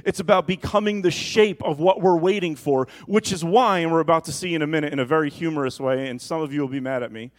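A man preaching a sermon as pastor, rising to loud emphatic lines and slipping into joking asides. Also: a little high, quick pace, hardly any pauses.

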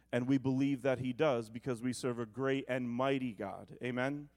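A male pastor preaching a sermon to his congregation, moving between emphatic proclamation and quiet, joking asides. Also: moderate pace, few pauses. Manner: preaching, shifting from booming to hushed asides.

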